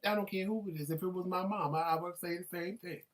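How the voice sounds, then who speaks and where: A man co-hosting a casual talk show, calm and teasing as he lectures his partner. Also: sits high, quick pace. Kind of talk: casual chat.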